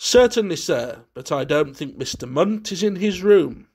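A man's voice: on the high side, lively intonation, normal speed, darkish tone, breathy edge, voice pushed up. A man voicing a polite, formal male butler who answers deferentially.

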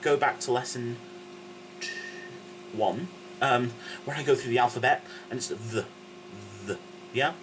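A man's voice: mid-range voice, noisy background. A man giving a casual video lesson as a teacher, patient and playful, constantly checking in with the listener. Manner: playful, jokey asides. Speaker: language and singing teacher.

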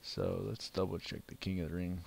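A man with a very deep, low voice gives casual play-by-play of a mobile card game. He grumbles and complains about his luck as he plays, in an easygoing, off-the-cuff way. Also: completely flat delivery, fairly quick, creaky, darkish tone, a little hiss or hum. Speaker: gaming channel host.

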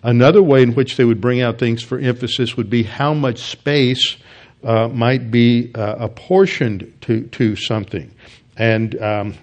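A man teaching a Bible study class, lecturing in a halting, explanatory way with many restarts and fillers. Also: medium pitch, a little mellow.

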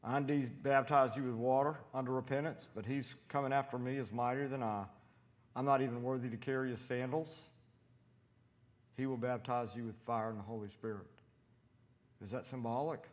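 Man, preacher, sermon, animated storytelling, mid-pitched voice, church. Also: brisk. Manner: animated, acts out quotes with loud shouted voices.

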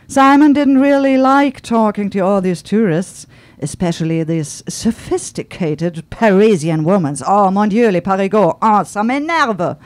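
Woman author, book talk and reading, lively melody, middle pitch, searching for words. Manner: animated, searching for words with fillers.

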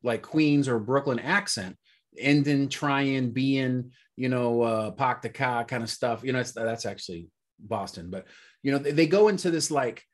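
A man's voice: medium pitch, moderate pace. A man co-hosting a casual movie review chat, rambling and searching for words with lots of fillers. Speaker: podcast co-host.

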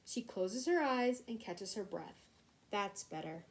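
A woman reading a children's storybook aloud in a gentle, expressive way. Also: medium pitch, a little slow, background noise. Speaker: reader.

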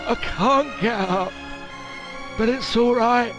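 A man voicing a frail old man who has fallen over, talking in a slow quavering croak and groaning. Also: very high-pitched. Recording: voice over loud music. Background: music.

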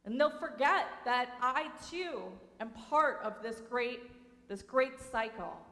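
A woman's voice: fairly high pitch, animated, slow pace, a bit bright, heavily acted. A woman voicing a weeping ocean. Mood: sorrowful. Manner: pleading, storytelling cadence. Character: grieving ocean weeping salty tears. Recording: reverberant sanctuary hall.

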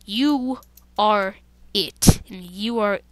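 A woman's voice: medium pitch, very slow, no room sound. A woman hosting a let's-play gaming video, commenting to her viewers with jumpy, dramatic exclamations. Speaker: gaming channel host.

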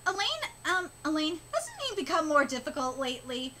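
A woman reading the lines of a gentle, put-upon male fairy king who is a father, in a soft, tired manner, over a noisy recording. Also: sits high, sing-song, moderate pace, voice pushed down. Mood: weary.

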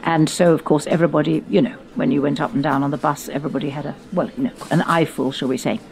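An older woman from England, hosting her own podcast and recounting her youth in an animated, storytelling way with playful quoted voices. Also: low voice, quick pace. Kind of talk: reminiscing conversation.

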